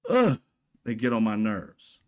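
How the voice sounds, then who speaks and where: A man's voice: fairly low pitch, sing-song, a little slow. A man delivering an indignant, heavily profane political commentary rant, peppered with rhetorical questions to his audience. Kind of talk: ranting commentary.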